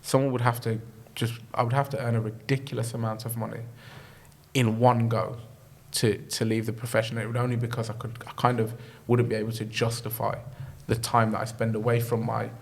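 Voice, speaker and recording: A poet from Birmingham with a Brummie accent, chatting casually as an interview guest and telling lively stories with frequent laughs. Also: male voice, medium pitch, brisk, vocal fry. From Birmingham, England. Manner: animated storyteller, laughs often, acts out quoted voices.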